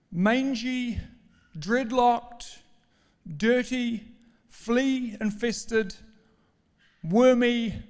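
Casual: nz pastor guy, middle-aged, smooth voice, animated and self-mocking, big echoey church hall. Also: sits high. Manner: animated, self-mocking, builds emphatic lists. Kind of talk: sermon storytelling. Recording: long hall reverb.

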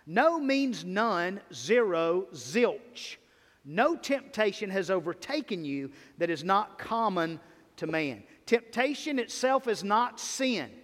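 Pastor, man, high tenor, emphatic sermon delivery, long hall reverb. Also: sing-song, slow pace, a bit bright. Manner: emphatic preaching, rising and falling in volume. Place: church sanctuary. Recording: long reverb of a church sanctuary.

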